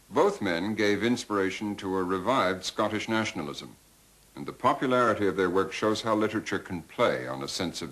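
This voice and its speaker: A man giving measured, deliberate scripted documentary narration. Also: deep voice, fairly bright tone, low-quality recording.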